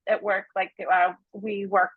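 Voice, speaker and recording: A woman's voice: mid-range voice, little pitch movement, measured pace, slightly rough, no room sound. A woman on a video call in a coaching session, speaking hesitantly with many fillers but openly. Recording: dull, dry video-call audio.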